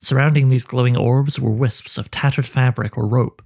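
A man narrating a dark fantasy story in a slow, measured way. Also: medium pitch, fairly even intonation, vocal fry, husky.

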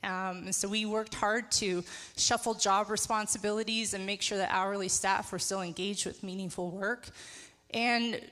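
A woman on a church staff giving the congregation a measured, earnest update. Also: medium pitch, steady tone, fairly bright tone. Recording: echoey hall.

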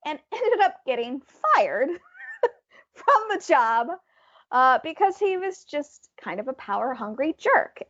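A woman with a high voice tells a story on her podcast in a lively, chatty way, often laughing. The audio is a bit dull and muffled. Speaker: podcast co-host. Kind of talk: casual storytelling chat.

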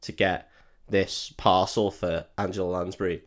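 A man's voice: low-pitched, little pitch movement, unhurried. A man casually recapping a film, sweary and jokey. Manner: sweary, jokey, acts out characters in shouted put-on voices. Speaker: podcast host recapping a film. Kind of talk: casual chat.

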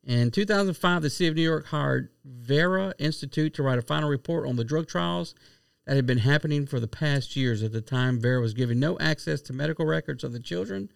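A man reading out a report and then arguing loudly in casual chat, swearing freely and pushing his point. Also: fairly high pitch, fairly quick, creaky, smooth, dry recording, clean studio sound. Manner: blunt, loud, argumentative, swears a lot.

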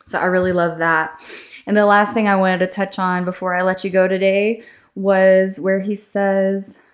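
A young adult woman hosting a devotional podcast, chatting casually with many fillers and slowing down to read scripture aloud. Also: mid-range voice, level tone. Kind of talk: casual devotional reading and reflection.

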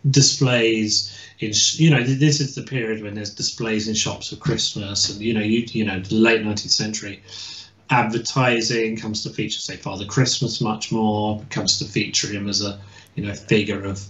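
A man's voice: on the low side, little pitch movement, normal speed, a bit bright. A man speaking as a guest historian over a video call, explaining in a hesitant way with many restarts. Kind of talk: casual expert explanation. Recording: echoey and dull lo-fi.

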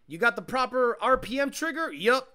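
Profane, excitable man ranting on stream. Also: very high voice, moderate pace. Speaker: car tuner livestreaming. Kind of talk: casual livestream chat, reading comments.

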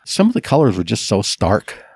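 A man's voice: lowish voice, very animated, brisk, gravelly, a little mellow, slightly rough, no room sound. A man co-hosting an audio podcast, tossing in dry, wry side comments. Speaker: podcast co-host. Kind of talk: casual chat.

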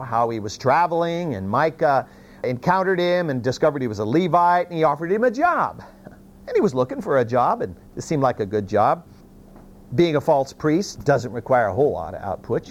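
A mid-range male voice, a little fast, retells a Bible story in a sermon using homespun language and folksy asides. His pitch rises and falls widely as he animatedly tells it, frequently restarting phrases before going on. The audio is dull.

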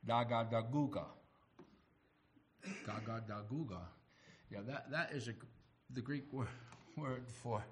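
A middle-aged man preaching a sermon, animated and acting out the voices he quotes. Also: mid-range voice, a little hiss or hum. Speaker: pastor.

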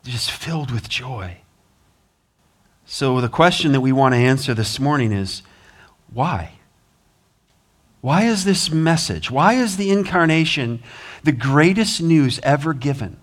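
A man's voice: mid-range voice, lively intonation, measured pace, long pauses. A man preaching a sermon as pastor, earnest, with rising emphasis, American accent. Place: church sanctuary.

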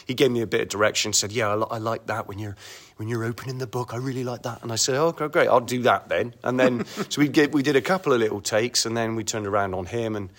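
A man in his thirties with a Bristol accent, an actor chatting as an interview guest and telling lively stories. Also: medium pitch, quick pace, few pauses. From Bristol, England. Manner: animated anecdotal storyteller, laughs often. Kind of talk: casual interview chat.

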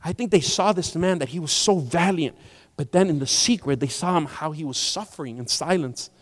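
A man pastor preaching a sermon in a church, animated and acting out the people in his story. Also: a little high, a little fast. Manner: animated, acts out quoted voices. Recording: long church hall reverb.

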